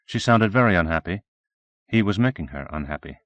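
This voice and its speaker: A man reading a novel aloud as audiobook narrator in a steady, measured way. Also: low voice, no room sound, lo-fi sound.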